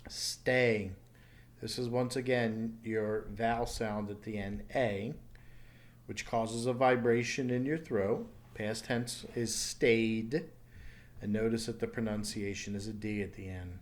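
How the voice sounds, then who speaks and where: A man teaching English pronunciation in a recorded online lesson, slowly repeating each word clearly and patiently. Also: lowish voice, steady tone, darkish tone. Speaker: ESL teacher.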